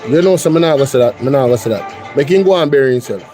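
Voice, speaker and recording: A man's voice: mid-range voice, lively intonation, quick pace, mellow, soft background music. Sex: man. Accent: Jamaican. Role: host. Style: reaction commentary, blunt and incredulous. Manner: incredulous, blunt, mixes patois and English.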